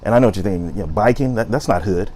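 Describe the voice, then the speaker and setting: Lively man telling a story. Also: on the low side, racing, slight background noise. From South Side of Chicago. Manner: lively storyteller, acts out quotes. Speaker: host. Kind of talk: storytelling talk.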